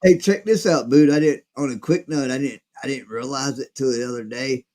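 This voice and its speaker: A man, hosting a casual chat and telling a rambling, profane story, acting out quotes loudly. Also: mid-range voice, fairly quick, rough recording. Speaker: podcast host.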